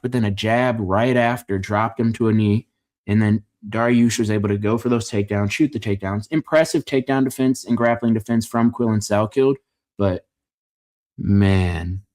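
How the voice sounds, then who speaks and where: Low-voiced man giving joking fight takes. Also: a little mellow. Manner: opinionated, joking, rambling with self-corrections. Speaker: MMA fight reaction host. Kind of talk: casual fight-card reaction commentary.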